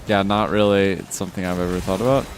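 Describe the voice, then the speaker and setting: A man's voice: little pitch movement, quick pace, noisy background. A man streaming live, ranting casually with lots of swearing while reading chat comments. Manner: ranting, frequent swearing, rising exasperated pitch. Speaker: livestreamer.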